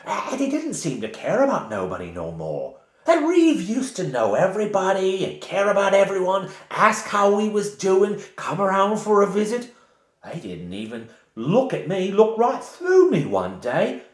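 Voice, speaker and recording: A man's voice: high-pitched, wildly swooping pitch, moderate pace, voice pushed up. A man doing a fretful old village woman in a London dialect. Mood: fearful. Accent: working-class London dialect. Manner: anxious, repeats herself, speaks in dialect. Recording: roomy echo.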